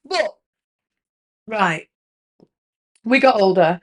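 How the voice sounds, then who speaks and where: A woman's voice: medium pitch, expressive, extremely slow. A young British woman hosting a podcast, talking frankly and in a rambling, confessional way, full of "like". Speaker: podcast host. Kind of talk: candid confessional chat.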